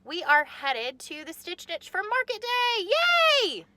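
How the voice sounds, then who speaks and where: A woman hosting an excited vlog, talking into a handheld phone camera on her way to and through a busy market. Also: very high-pitched, measured pace, dry recording. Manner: bubbly, squealing with excitement. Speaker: vlog host. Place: car and busy market shop.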